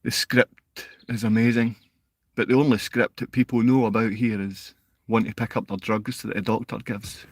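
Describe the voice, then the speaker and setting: A man's voice: on the low side, level tone, moderate pace, no echo. A man hosting a live stream, answering chat comments in a combative, insulting rant. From Scotland. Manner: combative, insulting, rising to shouted outbursts. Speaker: livestream host and father.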